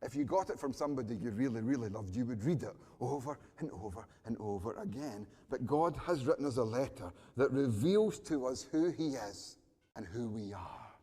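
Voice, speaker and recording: A Scottish man, a pastor telling a story in a sermon, animated and sometimes dropping to a hushed voice. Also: medium pitch, moderate pace, slightly rough. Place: church hall. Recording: long church hall reverb.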